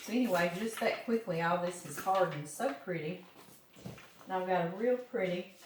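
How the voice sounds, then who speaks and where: A woman's voice: fairly low pitch, moderate pace. Chatty Southern woman in a roomy kitchen. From Louisiana. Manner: chatty, folksy, talks straight to the viewers. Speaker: home cooking vlogger. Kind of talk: casual kitchen chat. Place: home kitchen. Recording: roomy kitchen, mic at a distance, noisy.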